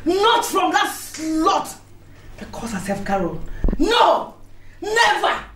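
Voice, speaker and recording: An actress with a Nigerian accent playing a proud, domineering society lady who rages and shouts at her rivals. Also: extremely high pitch, very animated, slow pace, noisy background, heavily acted. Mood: indignant. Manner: shouting, indignant, theatrical outbursts. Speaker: actor in a film. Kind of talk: melodramatic film acting. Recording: echoey room with music underneath.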